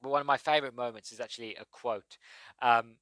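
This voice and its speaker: A man's voice: medium pitch, steady tone, quick pace, a bit bright, dry recording. A man hosting a solo movie review podcast, talking enthusiastically and rambling with lots of fillers. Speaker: podcast host.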